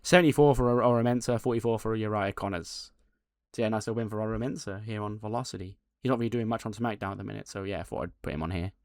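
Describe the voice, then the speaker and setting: A man giving casual let's-play commentary, relaxed as he recaps match results. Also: on the low side, fast talker, dry recording, studio quality. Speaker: game commentator.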